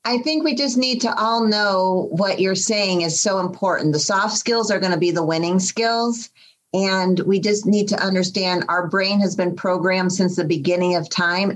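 Enthusiastic woman guest, lower voice. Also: poor audio. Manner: enthusiastic, emphatic, praising. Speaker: guest, mindset coach. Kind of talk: casual interview.

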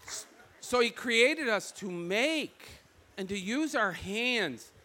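Michigan guy preaching, talks kinda high and bright, acts stuff out as he goes. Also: slow pace, some chatter behind. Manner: animated storytelling, acts out quoted voices. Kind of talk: sermon.

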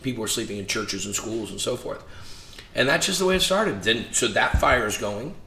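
A man with a mid-range voice talks a little fast as a guest in a conversation, animatedly telling stories and acting out the quoted dialogue. It's casual storytelling, recorded in an echoey room with faint noise.

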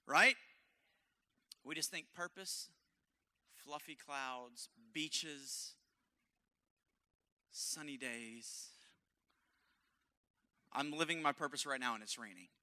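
A male pastor preaching an impassioned sermon at a church service, hoarse, dropping to a hush and then rising loud. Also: medium pitch, slow, pauses often. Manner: impassioned, swinging from hushed to loud.

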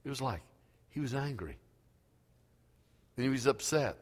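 A male pastor preaching a sermon slowly and emphatically, reading scripture aloud in a church. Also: mid-range voice, lively intonation, big-room sound.

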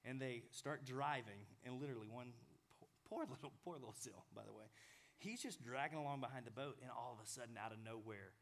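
A man in his thirties preaching a sermon in a lively, animated way. He acts out small inner dialogues with changing voices and at times sinks to a near whisper. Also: mid-range voice, brisk, vocal fry. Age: 30s.

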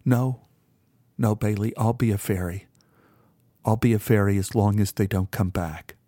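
A frightened, fragile young woman, as a male narrator puts her on, her voice lifted high and pleading through tears. The storybook reading sounds close and dry, with no room around it. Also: moderate pace, mellow, no echo, close to an everyday voice. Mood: shaken. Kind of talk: audiobook character voice.

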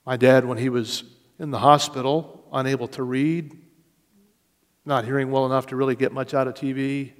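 A man preaching a sermon with slow, deliberate delivery and rising emphasis. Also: mid-range voice, level tone. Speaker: pastor. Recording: long reverb of a large hall.

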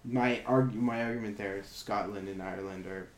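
A man's voice: fairly low pitch, steady tone, moderate pace. Rambling, hesitant man. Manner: rambling, hesitant, many restarts. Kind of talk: casual chat. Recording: echoey room with faint noise.

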